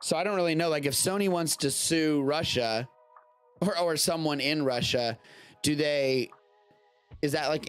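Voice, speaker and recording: A man hosting a live-streamed show from home, chatting casually about the news in a rambling, self-interrupting way with casual swearing. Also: on the high side.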